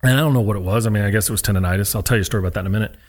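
A man talks quickly, his voice sitting a little low. He tells stories in a casual interview, slipping into the voices of the people he quotes. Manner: animated storyteller who acts out quotes. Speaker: guest, former college pitcher. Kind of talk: casual storytelling.

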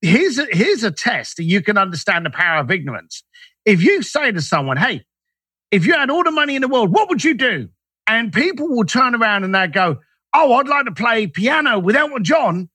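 A man tells stories as an interview guest, and his high voice swoops up and down as he acts out the lines of people he quotes. His tone is bright and a little husky. The recording is close and dry. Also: fairly quick, no echo. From Irish, raised in East London. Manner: animated, acts out quoted dialogue. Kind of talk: storytelling interview talk.

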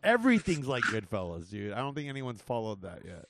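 A man's voice: medium pitch, huge pitch swings, fairly quick, noisy background. A man in his forties from Southern California hosting a casual comedy podcast, rambling, swearing and laughing often. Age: 40s. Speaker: podcast host.

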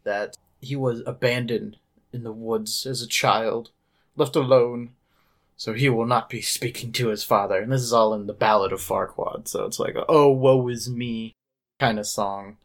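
A man hosting a laid-back podcast, recapping a show in an easygoing, mid-pitched voice. He keeps it lively, dropping into quick voices for the characters as he retells each scene. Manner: animated retelling, mimics characters' lines. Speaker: podcast host. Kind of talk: casual chat recapping a musical.

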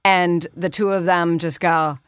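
A middle-aged woman voice actor in a casual interview, animated and prone to slipping into character voices. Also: lowish voice, a little slow, smooth, no echo. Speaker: voice actor and voice director.

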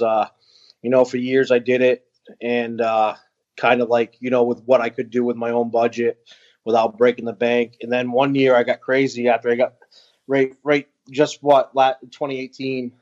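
A man telling a heartfelt story as a podcast guest, earnest and halting with many fillers. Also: mid-range voice, monotone, darkish tone, no room sound, lo-fi sound. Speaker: guest, veteran nonprofit founder.

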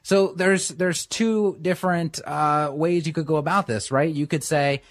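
A man hosting a podcast, talking emphatically and mimicking quoted voices in a lower tone. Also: steady tone, unhurried, few pauses. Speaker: podcast host. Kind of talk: casual conversational talk.

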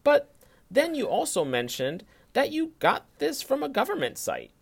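This is a man co-hosting a podcast who delivers a prepared fact-check segment. He teases and needles his friends with sarcasm. His pitch moves around a lot as he reads. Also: wildly swooping pitch, normal speed, gravelly, husky. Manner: teasing, sarcastic. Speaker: podcast co-host.

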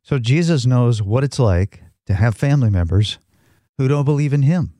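A man's voice: medium pitch, animated, normal speed, mellow, dry recording, studio quality. A man co-hosting a Christian talk show, teaching from the Bible in an earnest, reflective way with frequent restarts. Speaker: christian podcast co-host.

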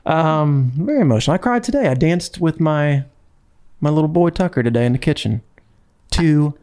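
A man's voice: a little high, lively intonation, moderate pace, a little mellow, clean tone. A man in his thirties hosting a podcast, chatting casually and rambling with lots of fillers. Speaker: podcast host and country singer. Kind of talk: casual chat.

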